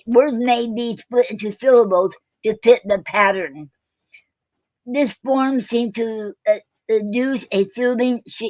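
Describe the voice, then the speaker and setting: A woman hosting a casual online poetry show, talking haltingly with many fillers and self-corrections. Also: fairly high pitch, darkish tone, no room sound, low-quality recording. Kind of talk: casual live-stream chat.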